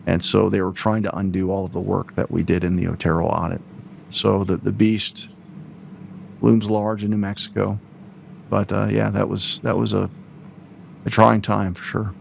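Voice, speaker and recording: A man with a lowish, gravelly voice talks as a guest on a political talk show. He drives his points home in an emphatic, lecturing manner. Faint background noise runs under the recording. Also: little pitch movement, moderate pace.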